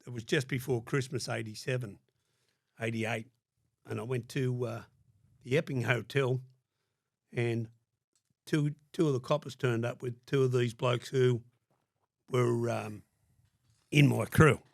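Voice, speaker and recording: A man's voice: medium pitch, fairly even intonation, a little slow, vocal fry, pauses often, no echo, studio quality. An older man with an Australian accent from Sydney, telling stories as a podcast guest in a blunt, heavily profane way. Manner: blunt, heavy swearing, acts out quoted dialogue. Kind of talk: casual storytelling.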